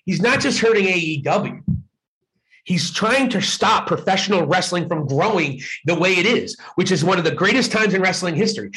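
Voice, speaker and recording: Fired-up man ranting, loud and animated. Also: high-pitched, moderate pace, poor audio. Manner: fired-up, profane, shouting rant. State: agitated. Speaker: wrestling commentary host. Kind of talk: live solo rant.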